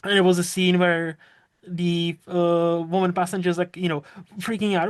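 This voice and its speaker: A man's voice: high voice, little pitch movement, brisk, dry recording, clean studio sound. A man co-hosting a casual podcast, rambling and restarting his sentences and laughing often. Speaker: podcast co-host. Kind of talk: casual chat.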